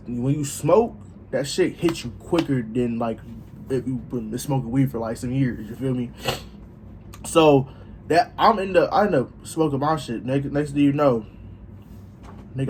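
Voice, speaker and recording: A young man casually telling a story in a vlog, profane and animated, acting out what people said. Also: mid-range voice, slight background noise. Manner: animated, profane, acts out dialogue. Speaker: vlogger.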